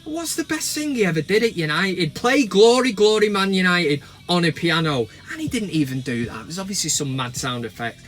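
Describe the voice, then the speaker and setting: A cheeky man riffing on football from behind the wheel of a van. His voice sits high and sounds bright and forceful, full of animated banter. Faint music plays underneath. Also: fairly quick, few pauses. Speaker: host. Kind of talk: casual football chat. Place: inside a van while driving.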